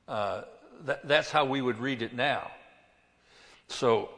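Pastor, male, slow deliberate sermon delivery, bright tone, church hall echo. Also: mid-range voice, gravelly. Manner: slow, emphatic preaching with scripture reading.

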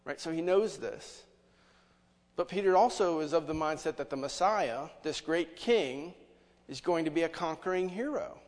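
A man's voice: a little high, lively intonation, normal speed, darkish tone. A man preaching a sermon as pastor, conversational, with many rhetorical questions to the congregation. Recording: long hall reverb.

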